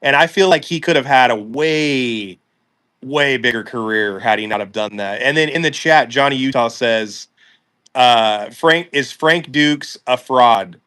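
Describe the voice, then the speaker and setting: A man with a medium-pitched voice, co-hosting a casual talk show. He gives his opinions freely and reads viewer questions from the chat aloud. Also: unhurried, bright, forceful tone, clean tone. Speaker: co-host.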